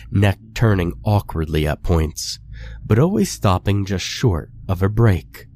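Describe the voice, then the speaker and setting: A man reading a scary story aloud, in a slow and measured horror narration. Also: deep voice, darkish tone, slight background noise.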